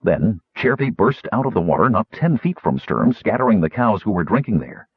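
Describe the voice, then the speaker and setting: A male audiobook narrator with a very low, husky voice that rises and falls freely as he reads. The sound is thin and phone-like and very dry, with no room around it. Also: moderate pace, dry recording. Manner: lively, expressive reading. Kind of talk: scripted narration.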